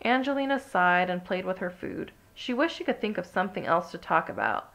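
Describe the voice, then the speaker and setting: A woman reading a children's picture book aloud with steady, expressive storytelling. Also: lowish voice, a little fast, vocal fry. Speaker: storybook reader.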